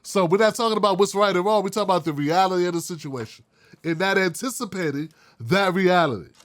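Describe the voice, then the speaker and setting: Male commentary host, high-pitched voice, blunt and heated, swears freely. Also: fast talker. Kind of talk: opinion commentary.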